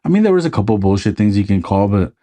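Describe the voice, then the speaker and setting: A laid-back man co-hosting a podcast, his voice sitting low and mellow. He talks in easy, swear-laced casual chat and slips into quick impressions of the lines he recalls. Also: big pitch swings. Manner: laid-back, swears freely, acts out quotes. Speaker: podcast co-host.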